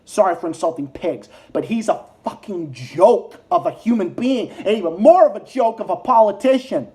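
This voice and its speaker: A man's voice: high voice, lively intonation, moderate pace, dark tone. Heated American male vlogger, profane political rant, repetitive. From United States. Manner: heated, profane, repeats insults over and over. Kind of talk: angry ranting monologue.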